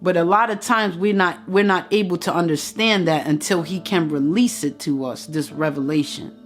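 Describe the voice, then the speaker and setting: A woman's voice: fairly low pitch, moderate pace, soft background music. A woman giving an impassioned motivational address, preaching straight at her listeners and repeating phrases for emphasis. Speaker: motivational speaker.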